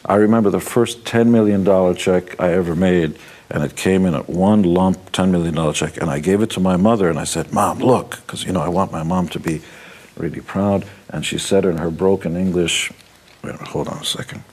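A man with a very low, husky voice hands out advice in a blunt, emphatic manner. He talks in a motivational style and slips in wisecracks as he goes. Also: fairly even intonation, brisk, a little mellow. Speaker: interviewee giving success advice. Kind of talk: motivational talk.

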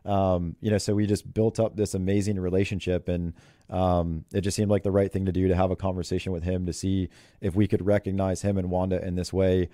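A man's voice: deep voice, flat delivery, a little fast, dark tone, dry recording, clean studio sound. A man who is a head golf coach, telling stories in an interview in a chatty way and laughing often. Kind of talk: interview storytelling.

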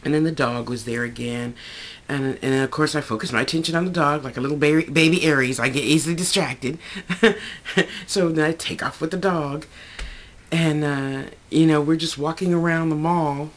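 A woman tells a long dream story in a loose, rambling way, wandering off on side remarks. She often raises her pitch to act out what others said. She talks casually, as if to a webcam at home. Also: normal speed. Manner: chatty, digressive, quotes people in a higher voice. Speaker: vlogger recounting a dream.

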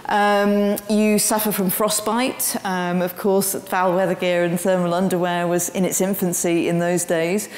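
A woman speaks as a guest lecturer and tells her story with lively energy and many ums. Her voice carries through a large room with a long, ringing echo. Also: lowish voice, unhurried, few pauses. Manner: animated storytelling with frequent ums. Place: lecture hall. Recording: roomy hall with long reverb.

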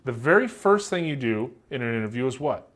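A man's voice: mid-range voice, sing-song, a little fast, fairly bright tone. A man teaching a class in a casual, joking way, acting out example answers with a light Southern American accent. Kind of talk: classroom lecture.

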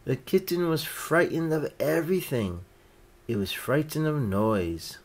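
A man reading a children's picture book aloud, gently lifting his voice for each character's lines. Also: a little high, animated, unhurried. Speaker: storyteller.

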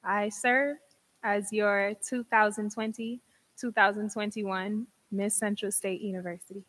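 A woman's voice: mid-range voice, steady tone, measured pace, fairly bright tone. A young woman, an outgoing university pageant queen, giving a sincere, conversational farewell speech. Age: young adult.

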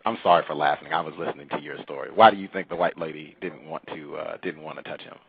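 A man hosting a call-in radio show, speaking deliberately and lecturing on the meaning of terms. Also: rumbling low, steady tone, gravelly, narrow, tinny audio.

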